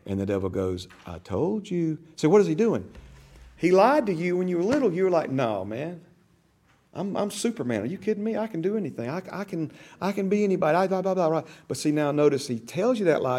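An older man leads a church discipleship class in a chatty, storytelling way. His voice sits at a middle pitch, and he often acts out the people in his stories. He speaks as a teacher talking to a small group. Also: warm tone.

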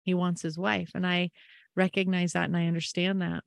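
Woman, podcast host, personal storytelling, earnest and reflective, lowish voice, dry close sound. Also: level tone, normal speed, gravelly, no echo. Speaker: podcast host and family caregiver.

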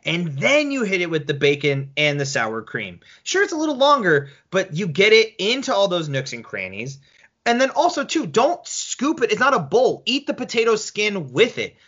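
A young man in a loose podcast debate who argues with incredulous, swearing energy. His voice is high and bright, and his pitch jumps around a lot. The recording is slightly dull and lo-fi. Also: wildly swooping pitch, moderate pace. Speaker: co-host.

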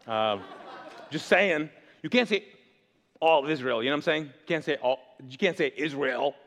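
A male pastor preaching a sermon, animated and jokey, slipping into quick voices to tell the story. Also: fairly high pitch, big-room sound, slight background noise.

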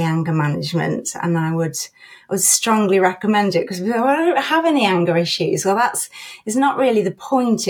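A woman's voice: fairly low pitch, a little mellow, breathy edge. A woman from northern England, a psychologist guest on a podcast, explaining things thoughtfully with fillers. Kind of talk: podcast interview.

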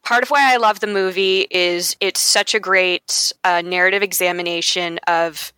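A woman's voice: fairly low pitch, steady tone, moderate pace, pushed and bright, clear, resonant tone, no room sound. A woman guest on a podcast in casual chat, articulate and wordy, playfully dramatic.

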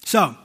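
A young man giving a casual, conversational sermon that keeps checking in with his listeners. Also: pushed and bright.

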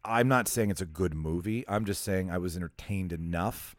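A man's voice: deep voice, moderate pace, no room sound. A man hosting a casual movie podcast, rambling and correcting himself as he talks. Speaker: podcast host. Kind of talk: casual chat.

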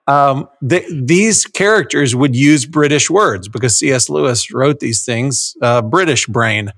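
A man co-hosting a podcast in casual chat, animated and quick to laugh. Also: mid-range voice. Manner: animated, laughs often, stumbles on restarts. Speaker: podcast co-host.

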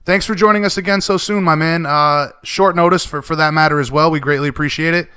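A male radio host keeps the talk easygoing and friendly, calling his guests buddy and brother. His voice is bright and smooth, with a dry, close sound. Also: on the high side, steady tone, quick pace, no echo. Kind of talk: casual radio interview and show links.

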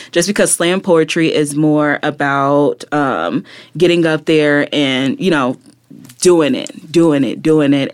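A woman guest, a poet and activist, talking reflectively in an interview, often tagging her thoughts with "right?" and "like". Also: low-pitched. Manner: reflective, many fillers like "like" and "right?". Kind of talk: conversational interview.

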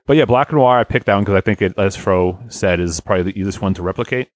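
A man's voice: deep voice, quick pace, no room sound, clean studio sound. A man in his thirties hosting a podcast, chatting casually and joking around. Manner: lively, jokey, laughs easily. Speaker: podcast host. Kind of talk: casual chat.

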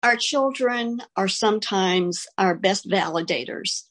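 Storytelling woman host, mid-pitched. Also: a little slow, a bit bright. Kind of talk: hosted conversation.

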